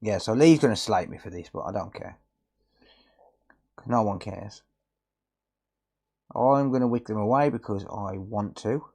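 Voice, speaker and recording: A man's voice: fairly low pitch, a little slow, long pauses, a little mellow, slightly rough. A man chatting casually on a live stream while fixing electronics, often muttering and teasing viewers.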